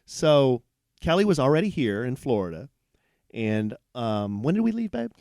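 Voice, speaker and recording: A man's voice: mid-range voice, moderate pace, gravelly, no echo, studio quality. Man telling a rambling story. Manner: animated, rambling storyteller with restarts. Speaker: podcast co-host. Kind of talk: casual storytelling chat. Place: hotel room, on a bed.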